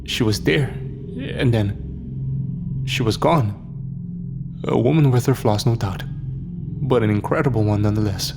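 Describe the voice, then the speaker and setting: A man's voice: lowish voice, normal speed, gravelly, long pauses, music in the background. A man narrating a scripted first-person horror story. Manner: dramatic first-person storytelling, lines for each character read aloud.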